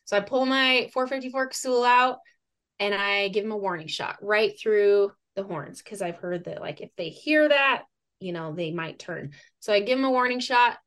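A woman guest on a podcast, telling a hunting story in a lively, casual way with laughs and acted-out quotes. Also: medium pitch. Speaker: podcast guest, fitness coach and moose hunter.

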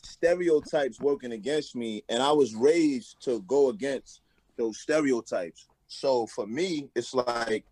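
A man who is a rapper, talking earnestly in a casual interview, with many halting restarts and some swearing. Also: medium pitch, a little mellow, husky. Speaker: rapper and guest.

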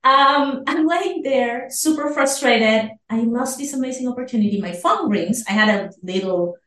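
A woman's voice: fairly high pitch, fairly bright tone. Venezuelan woman telling a story, roomy sound. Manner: acts out quoted voices, fast bursts. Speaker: guest. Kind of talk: animated storytelling. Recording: roomy, distant from the mic.

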